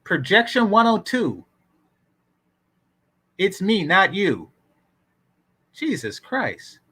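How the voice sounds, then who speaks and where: Bright, sarcastic male commentary host. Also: high voice, big pitch swings, slow, slightly rough. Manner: sarcastic, exasperated asides. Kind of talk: casual commentary reacting to clips.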